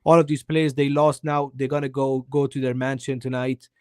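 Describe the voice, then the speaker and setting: A man's voice: medium pitch, level tone, normal speed, darkish tone, no room sound, clean studio sound. A man giving a heated football opinion on a live stream, weary and emphatic, repeating himself for stress. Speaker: guest co-host.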